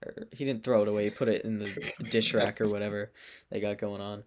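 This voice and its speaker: This teenage boy, a co-host on a casual podcast, speaks briskly in a lowish voice over some background noise. Telling a story from school, he's animated and laughing, acting out the voices of the people he quotes.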